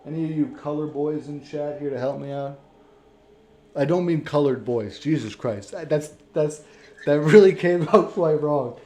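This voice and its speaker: Excitable swearing male streamer, mellow voice. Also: fairly high pitch, moderate pace. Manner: excitable, profane, mock-dramatic rants. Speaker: streamer host. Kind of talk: casual livestream chat while gaming.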